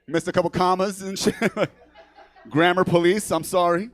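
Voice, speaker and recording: A man's voice: high voice, fairly even intonation, unhurried, dry recording. A man from New York who grew up speaking Spanish first, doing a brash, profane stand-up set on a comedy theater stage, laughing at his own jokes and asking "right?" after each line.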